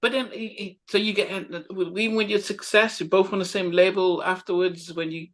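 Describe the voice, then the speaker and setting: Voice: mid-range voice, fairly even intonation, brisk, fairly bright tone. An interviewer asking short, prompting questions in a casual chat.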